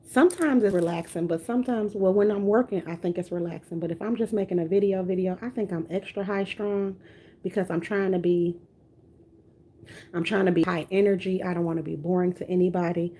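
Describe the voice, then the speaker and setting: A woman's voice: lowish voice, steady tone, fairly quick, warm tone, breathy edge. A woman with a light country twang, chatting casually on a livestream while she works on a reborn doll. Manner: chatty, talks while rooting doll hair.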